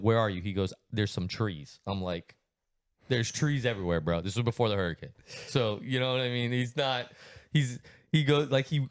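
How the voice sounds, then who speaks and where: A man in his thirties hosting a podcast, telling stories in a casual, animated, swearing style and acting out voices. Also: mid-range voice, smooth, dry recording, clean studio sound. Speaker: podcast host. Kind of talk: casual chat, storytelling.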